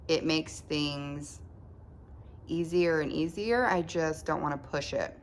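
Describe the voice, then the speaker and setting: At home, a woman keeping a recovery diary records a casual vlog in a low, deep voice. Her speech is halting, with restarted phrases and sentences that trail off, while faint background noise hums underneath.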